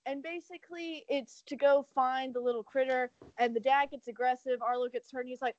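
A woman with a high, bright-toned voice retells a movie plot in a loose, rambling way, with sarcastic asides thrown in. Her voice sounds dry and close, and the recording is a bit muffled. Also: fairly even intonation, brisk, hardly any pauses, no echo. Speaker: podcast co-host. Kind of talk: casual podcast chat.

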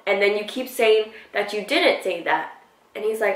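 A woman's voice: medium pitch, quick pace, distant mic. A woman vlogger telling a storytime, acting out quotes with lots of casual swearing. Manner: animated retelling with acted quotes and frequent swearing. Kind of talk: storytime vlog. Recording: echoey room, voice off-mic.

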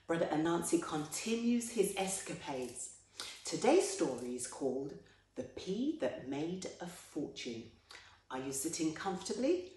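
A woman hosting a poetry show, reading a folktale aloud in a lively, expressive way. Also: sits low. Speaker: storyteller. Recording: very echoey room.

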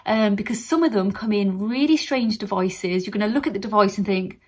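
A woman's voice: medium pitch, a little fast, breathy edge. A British woman in her thirties, a practice nurse, talking candidly and chattily in a casual vlog, laughing at herself now and then.

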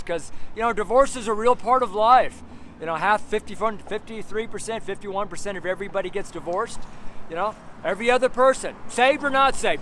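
A man's voice: sits high, fairly bright tone. A man giving an earnest, rambling personal testimony as a street preacher, full of "you know" fillers and repeated phrases, recorded outdoors near street traffic.

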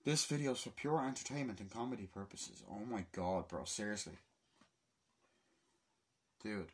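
A man's voice: fairly low pitch, lively intonation, normal speed, darkish tone. A man of twenty-two in a casual vlog, exasperated and swearing as he mutters to himself. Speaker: film collector vlogger.

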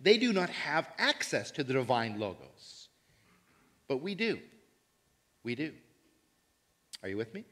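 A man preaching a sermon in church, animated and emphatic, repeating key phrases and acting out imagined listeners. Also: mid-range voice, a little slow, long pauses. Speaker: pastor.

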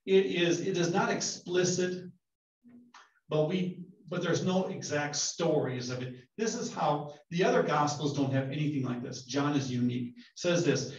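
A man, a pastor, leading a relaxed Bible study, joking and asking the group questions as he teaches. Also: a little high, normal speed. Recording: roomy, distant, dull sound.

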